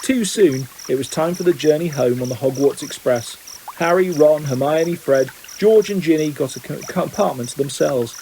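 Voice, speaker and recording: A man reading a novel aloud in plain, steady narration. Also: on the high side, moderate pace, slight background noise, low-quality recording. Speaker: audiobook reader.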